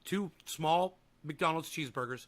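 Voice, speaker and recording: A man's voice: a little high, measured pace. A man hosting a livestream, reading chat comments and answering them in a profane, combative, rambling way. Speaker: livestream host.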